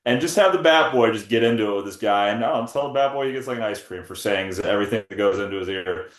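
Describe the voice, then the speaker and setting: Low-voiced man joking in an echoey room. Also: fast talker. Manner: rambling, jokey, swears freely. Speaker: podcast co-host. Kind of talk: casual chat.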